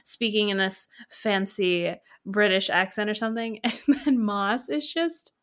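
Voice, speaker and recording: A woman's voice: mid-range voice, unhurried, fairly bright tone. A woman co-hosting a podcast, animatedly retelling scenes in casual chat with lots of laughter. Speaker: podcast co-host.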